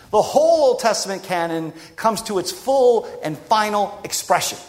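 A man preaching a sermon in an emphatic, rhetorical way with dramatic pauses. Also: high voice. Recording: long reverb of a large hall.

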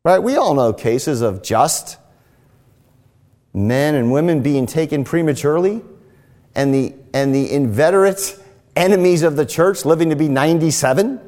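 An older man preaching a sermon as a pastor, emphatic and deliberate, repeating his key phrases. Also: on the high side, expressive, a little mellow, long reverb tail.

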